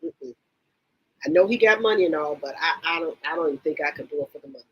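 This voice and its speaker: A woman hosting a casual livestream, reading viewer comments aloud and gossiping about reality TV in an animated, repetitive, exclamatory way. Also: low-pitched, fast, breathy edge, highs cut off. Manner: animated, exclaims and repeats herself, reads chat comments aloud.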